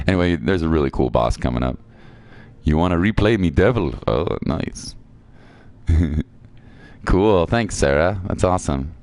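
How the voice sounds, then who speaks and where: A man's voice: sits low, expressive, unhurried, long pauses, a little mellow. A man streaming a video game, chatting casually and reading viewer comments aloud. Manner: chatty, reads viewer chat aloud, reacts playfully.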